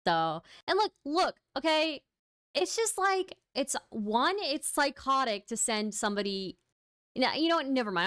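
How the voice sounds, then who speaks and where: A woman livestream host chats casually with her viewers, tired and wry, often laughing at what she says. Her voice is smooth and clear. The sound is dry and close. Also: high-pitched, big pitch swings, a little slow, a bit bright, no room sound. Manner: reads out and thanks viewer donations. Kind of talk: casual stream chat.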